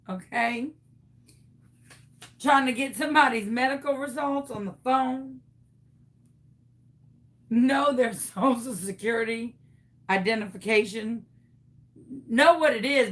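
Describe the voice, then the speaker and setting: Slow-talking chatty American woman. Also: a little high. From United States. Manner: animated, laughs often, chatty. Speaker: craft tutorial host. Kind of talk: casual storytelling.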